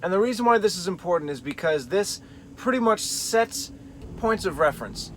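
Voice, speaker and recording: A man's voice: high-pitched, sing-song, moderate pace, fairly bright tone, slight background noise. A man teaching a Bible study, thinking aloud and carefully weighing different readings of the text. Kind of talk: explanatory Bible study talk.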